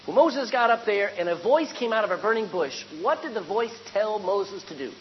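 A male preacher with a medium-pitched, animated voice preaches in a loose, conversational way, moving from punchy emphasis to quiet, near-whispered points. His voice reaches the listener through a muffled recording with a long hall echo and a faint hum underneath. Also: moderate pace. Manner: lively, conversational, shifting from loud emphasis to hushed tones. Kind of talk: sermon.

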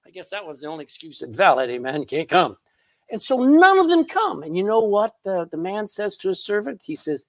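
A man's voice: high voice, very animated, a little slow, pauses often, no room sound. A man preaching a sermon in church, reading scripture aloud and laughing at his own jokes. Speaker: pastor.

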